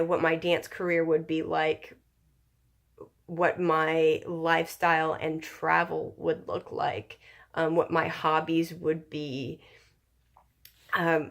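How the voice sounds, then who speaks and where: A woman talking slowly and thoughtfully to her channel's viewers, giving motivational advice with many ums and pauses. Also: on the low side, vocal fry. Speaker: channel host sharing personal growth advice. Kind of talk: reflective motivational talk to camera.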